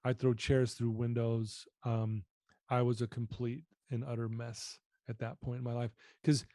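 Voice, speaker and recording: A man's voice: mid-range voice, flat delivery, a little slow, mellow, no echo, studio quality. A middle-aged man telling his own story as a podcast guest, earnest and candid, often repeating words as he goes. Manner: earnest, candid, repeats phrases while confessing. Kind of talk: storytelling in an interview.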